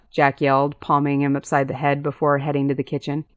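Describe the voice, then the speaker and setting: A woman with a fairly low voice reads a first-person audiobook. The sound is dry and close, with no room around it. She lifts her pitch to voice the characters in dialogue. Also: completely flat delivery, fairly quick, few pauses, no echo. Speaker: audiobook narrator.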